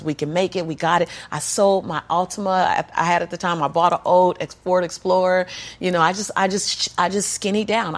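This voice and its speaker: A woman being interviewed, telling a personal story with an emphatic, preacher-like cadence and frequent laughter. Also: on the low side. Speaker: interview guest. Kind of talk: conversational storytelling.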